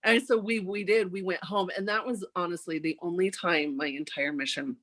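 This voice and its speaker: A woman in her forties, a podcast guest telling a story in a casual way and acting out what people said with big jumps in her voice. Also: moderate pace. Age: 40s. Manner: animated, acts out quoted dialogue with big jumps in pitch.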